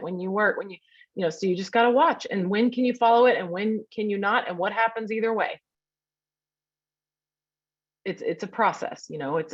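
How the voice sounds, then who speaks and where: A woman's voice: medium pitch, lo-fi sound. A woman teaching a workshop in a chatty way over a video call, often sounding out little grunts and hums as examples.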